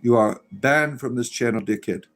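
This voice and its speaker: A man's voice: mid-range voice, moderate pace. A middle-aged man hosting a casual livestream, reading viewer comments aloud and rambling with many fillers. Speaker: livestream host reading chat.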